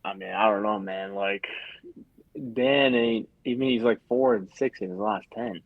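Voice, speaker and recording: A man's voice: on the low side, moderate pace, no echo, phone-quality sound. A man co-hosting a call-in show, chatting in a laid-back, understated way. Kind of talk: casual chat.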